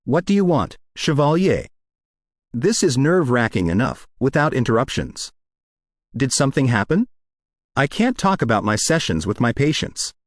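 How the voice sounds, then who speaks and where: A man's voice: mid-range voice, sing-song, normal speed, dry recording, studio quality, natural voice. A man voicing a woman therapist who speaks in a firm, guarded way.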